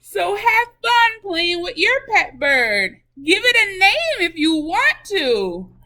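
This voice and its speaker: A woman leads a virtual lesson for small children, her voice very high and bright. She speaks in a slow, sing-song, encouraging way, and her pitch rises and falls a lot. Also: wildly swooping pitch. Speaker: preschool teacher.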